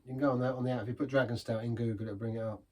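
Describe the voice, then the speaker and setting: A man's voice: mid-range voice, steady tone, rapid-fire. A man giving a casual, rambling beer review in a pub, chatty and self-deprecating.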